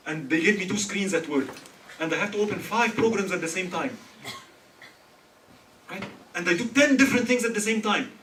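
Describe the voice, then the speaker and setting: An Egyptian man entertains a live student audience with a funny religious talk, cracking jokes and quizzing them. He speaks briskly in a high-pitched, fairly bright voice with lively intonation, and the distant mic picks up hall echo and light hiss.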